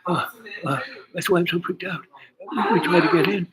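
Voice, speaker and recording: A man putting on a frantic, squeaky male boss. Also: normal speed, a bit bright, rough recording. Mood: freaked out. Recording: crowd chatter behind.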